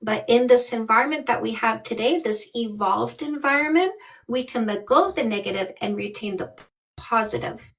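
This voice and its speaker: A woman's voice: a little high, moderate pace, creaky, a bit bright, rough recording. A woman in her fifties from Canada, a dating coach giving blunt, emphatic advice on a live call. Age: 50s.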